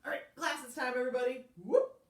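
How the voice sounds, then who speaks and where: A woman librarian leading a children's storytime, slow, animated and encouraging. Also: mid-range voice. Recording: roomy sound, mic at a distance.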